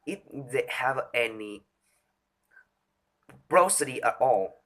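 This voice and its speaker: A man reciting a speech from memory, halting and restarting often as he stumbles over words. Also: mid-range voice, expressive, fairly bright tone. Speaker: speaker rehearsing a talk on voice.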